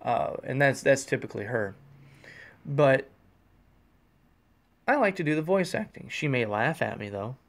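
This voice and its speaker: Speaking at a measured pace with frequent pauses, a man hosts a casual solo podcast from a room at home, rambling, cutting himself off mid-thought, and chuckling. His medium-pitched voice swings widely in pitch, captured on a USB gaming headset mic.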